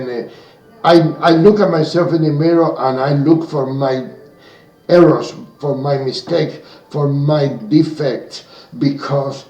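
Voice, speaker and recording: Cuban-accented man, slow and animated. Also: a little high, reverberant, distant mic, lo-fi sound. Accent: Cuban Spanish. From Cuba. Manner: animated, speaks in broken English. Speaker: radio show co-host. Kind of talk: casual radio talk.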